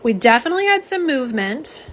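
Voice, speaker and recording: A woman with a high, sing-song voice talks fast and sounds a bit bright, with slight background noise. She's hosting a live nail polish stream, chatting casually with viewers, calling them "y'all" and reading out and answering their comments.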